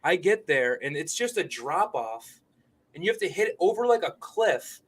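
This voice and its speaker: A young man co-hosting a casual golf podcast, telling stories in an excitable way, swearing freely and acting out what people said. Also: fairly high pitch, moderate pace, slightly rough. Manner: excitable storyteller, swears freely, acts out quotes. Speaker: podcast co-host.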